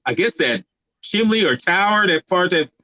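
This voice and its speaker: Guy rambling through a movie recap on a podcast, lotta uhs, pretty bright tense voice, kinda high. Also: expressive, no room sound, rough recording. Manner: rambling, halting with many fillers. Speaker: podcast co-host.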